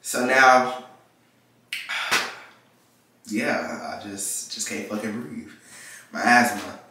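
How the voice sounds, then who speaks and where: A man's voice: fairly low pitch, drawn-out words, recorded from a distance, heavy background noise. A nineteen-year-old man from Texas, telling a casual story time and animatedly acting out the people in his story. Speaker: vlogger. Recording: very echoey room, mic set back.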